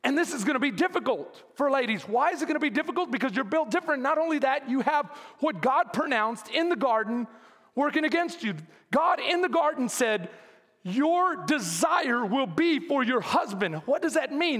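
A male pastor preaching a sermon in a church, talking in an animated, conversational way and calling out to his congregation. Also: very high voice. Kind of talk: lively sermon. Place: church sanctuary. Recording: long reverb of a church hall.

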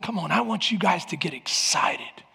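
A male pastor preaching a sermon in an animated way, acting out the voices of people in his story. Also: high-pitched, moderate pace, gravelly, slightly rough, long reverb tail.

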